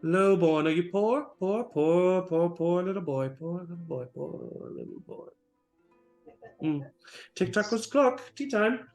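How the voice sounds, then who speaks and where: A man's voice: sits high, animated, a little slow, darkish tone, pitched above the performer's own voice. A man voicing an unhinged male dragonborn noble who rambles in sing-song repetitions and rhymes. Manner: sing-song muttering, repeats words, rhymes. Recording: roomy with faint music.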